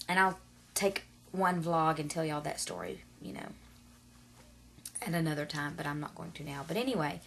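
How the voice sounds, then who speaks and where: There's slight background noise as a low-voiced woman in her 30s talks to her camera. The vlogger rambles casually and at length, full of fillers and asides.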